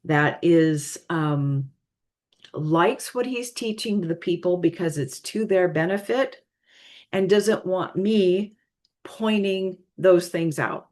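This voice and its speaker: Slow hesitant woman with a straining voice. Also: on the low side, a little mellow. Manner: hesitant, apologetic, halting with many fillers. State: voice straining, tired. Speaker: spiritual reader. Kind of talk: casual spoken reading.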